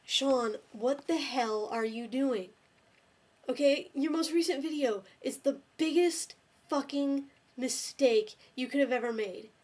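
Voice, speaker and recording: A woman's voice: high-pitched, a little slow, darkish tone. Fed-up woman ranting. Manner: exasperated, scolding, swears often. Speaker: video blogger. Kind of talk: angry rant to camera.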